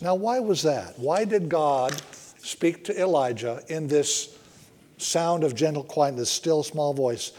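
Male pastor preaching, mellow dark tone, slightly high pitch, earnest, hushes for emphasis. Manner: earnest, slows and softens for emphasis. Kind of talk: sermon.

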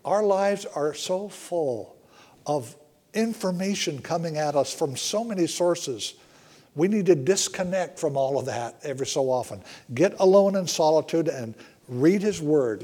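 A man preaching a sermon in an earnest way, often slowing down and dropping to a hush for emphasis. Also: a little high, expressive. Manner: earnest, slows and softens for emphasis. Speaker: pastor.

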